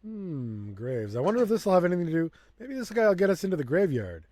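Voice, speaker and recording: A man's voice: high-pitched, very animated, quick pace, a little mellow, no room sound. A man hosting a let's play, thinking aloud and reading game text in casual commentary.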